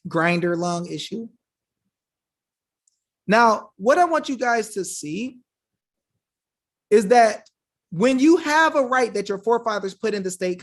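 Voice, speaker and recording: A woman giving an impassioned monologue to her viewers, preachy and fiery, firing off rhetorical questions and calling them y'all. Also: mid-range voice. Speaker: online legal rights commentator.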